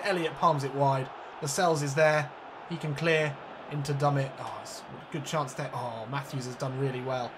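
A man commentating on his own football video game match as host, getting excited at goals. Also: medium pitch, normal speed, noisy background. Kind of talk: let's play football commentary.

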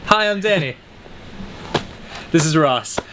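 A man in his thirties hosting a casual gaming show, loud, exasperated and swearing a lot. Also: fairly high pitch, animated, slow, background noise. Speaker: host.

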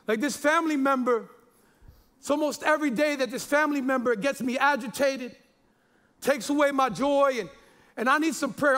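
A man's voice: very high voice, fairly bright tone. A man in his forties, a pastor preaching a sermon in a chatty, jokey way, stumbling over repeated words and fillers.

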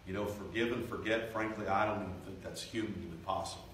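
A man preaching a revival sermon, swelling loud and slow for emphasis, then dropping to quiet, confiding tones. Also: fairly low pitch, fairly even intonation, slight background noise. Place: church sanctuary. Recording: echoey church from far off.

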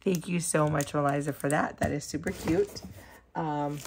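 A woman who is losing her voice chats casually while unboxing gifts, gushing and excitable, and she says "oh my gosh" again and again. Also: low-pitched, moderate pace, a little hiss or hum. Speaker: crafting vlogger.

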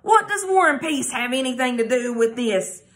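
A worried mother who fusses and apologizes, her voice pitched a little high with a gravelly edge, as a woman teacher reads her part aloud. She sounds anxious about her children. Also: lively intonation, moderate pace, a bit bright. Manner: anxious, fussing.

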